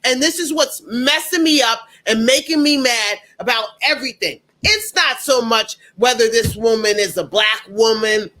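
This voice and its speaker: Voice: mid-range voice, moderate pace, hardly any pauses, bright, forceful tone. An emphatic, indignant commentator talking straight to the audience and repeating points for effect. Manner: speaks directly to the audience. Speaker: political commentator. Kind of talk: opinionated commentary monologue.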